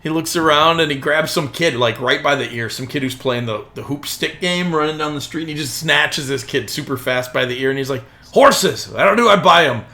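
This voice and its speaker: Man, game master, casual rambling narration, higher pitch, bright tone. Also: a little fast, few pauses.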